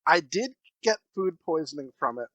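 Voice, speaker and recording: A man co-hosting a casual podcast, telling stories in a fast, excitable way. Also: a little high, dry recording, rough recording. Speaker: podcast co-host.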